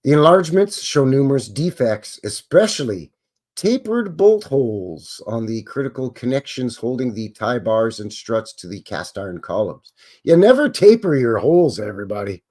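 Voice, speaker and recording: A man's voice: medium pitch, sing-song, moderate pace, darkish tone. A man hosting a live stream, reading passages aloud and breaking off for wry, self-deprecating comments.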